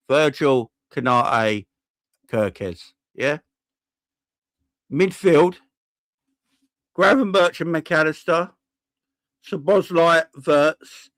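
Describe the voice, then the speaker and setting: A man's voice: mid-range voice, fairly bright tone, no room sound. A man hosting a live-stream football fan channel, ranting heatedly, swearing and talking to his chat.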